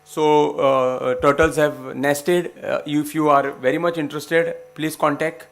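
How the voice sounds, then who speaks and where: A middle-aged man with an Indian English accent gives a lecture to students as a guest researcher. He speaks in an impassioned, emphatic way, with quick bursts and many fillers. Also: fairly high pitch, flat delivery, vocal fry.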